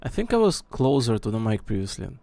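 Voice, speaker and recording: Fast-talking and sing-song, a man with a warm, gravelly, medium-pitched voice streams from home. He rambles casually through a mic check, thinking aloud as his desk mic moves nearer and farther.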